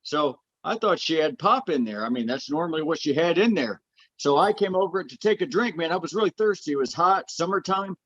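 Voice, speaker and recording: A man co-hosting a casual podcast, telling a family story with animated emphasis and repeated "man". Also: a little high, brisk. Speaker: podcast co-host. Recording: slightly dull lo-fi sound.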